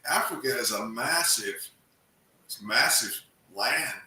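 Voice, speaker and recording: Echoey, bright-voiced male host. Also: medium pitch, animated, measured pace. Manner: storytelling, friendly questions. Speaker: host and interviewer. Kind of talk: casual interview chat. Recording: very echoey room, distant mic, faint noise.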